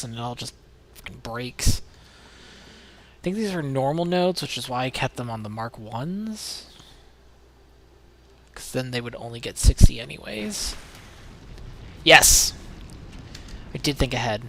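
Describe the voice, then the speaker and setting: A man's voice: mid-range voice, animated, unhurried, creaky, pauses often, sharp tone. Chatty male streamer, rambling while playing. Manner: rambling, chatty, swears casually. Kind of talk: casual livestream commentary while playing.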